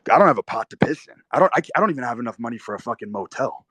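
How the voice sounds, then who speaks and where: A man's voice: mid-range voice, animated, racing, fairly bright tone, no echo. Young guy, mid-range voice, telling a raw, cuss-heavy personal story, recorded dry. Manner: intense, profane, vivid storytelling. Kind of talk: first-person storytelling monologue.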